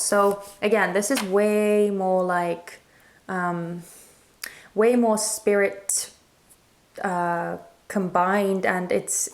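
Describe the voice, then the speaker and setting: A woman's voice: medium pitch, fairly even intonation, drawn-out words. A woman giving a casual spoken tarot reading, musing and hesitant with many fillers and restarts, her throat a little strained. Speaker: tarot reader.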